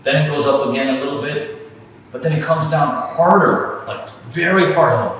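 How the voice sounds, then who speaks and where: A man teaching trading in an animated way, often repeating himself and acting out examples, recorded from a distance in an echoey hall. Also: medium pitch, fairly quick, slight background noise. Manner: energetic, repetitive, acts out examples. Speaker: trading instructor.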